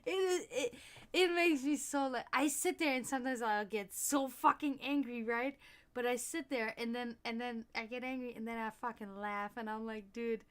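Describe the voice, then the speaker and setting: A woman's voice: fairly high pitch, moderate pace. A woman hosting a livestream, chatting casually and rambling, swearing often and laughing a lot. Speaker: stream host.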